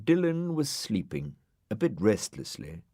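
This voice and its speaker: A man narrating a children's storybook in a lively, expressive way. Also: fairly low pitch, measured pace, vocal fry, slightly rough, dry recording, soft background music. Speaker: audiobook narrator.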